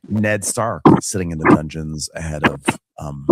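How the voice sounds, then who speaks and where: A man's voice: rumbling low, normal speed, no room sound. A man co-hosting a podcast, chattily recapping a TV episode and acting out the characters. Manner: chatty, laughs easily, acts out the characters. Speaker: podcast co-host.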